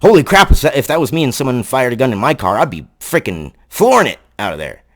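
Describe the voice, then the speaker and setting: An angry male vlogger tears into his subject with sarcasm and frequent swearing. His pitch swings widely from low grumbles to sharp highs, and his speaking voice sits at a middle height. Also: very animated, fast talker. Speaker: political commentary vlogger. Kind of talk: ranting political commentary.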